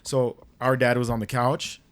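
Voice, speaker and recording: Smooth and medium-pitched with little rise or fall, this young male podcast co-host talks at a moderate pace. He relives a family story through quoted lines in loose conversation, cursing freely along the way.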